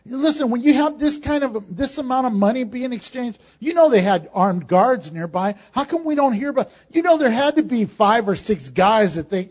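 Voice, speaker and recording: A man preaching a sermon, swinging from emphatic, rising peaks to quiet, joking asides. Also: very high voice, lively intonation, moderate pace. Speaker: pastor. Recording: dull lo-fi sound.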